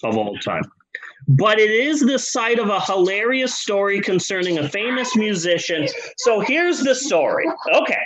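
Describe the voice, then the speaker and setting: A man co-hosting a podcast, telling a comedic story in a rambling, profane, animated way. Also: high voice, normal speed, poor audio. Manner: rambling, animated, profane, drops into character voices. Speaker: podcast co-host.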